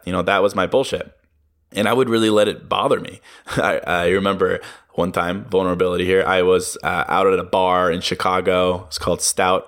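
Low-voiced man hosting a podcast. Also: a bit bright. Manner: candid, swears freely, laughs at himself. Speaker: podcast host. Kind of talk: casual solo podcast monologue.

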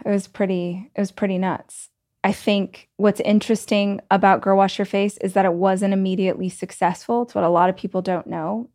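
Chatty Southern American woman storyteller. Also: medium pitch. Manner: chatty, animated, many "like"s and laughs. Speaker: podcast host and author. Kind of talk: casual storytelling monologue.

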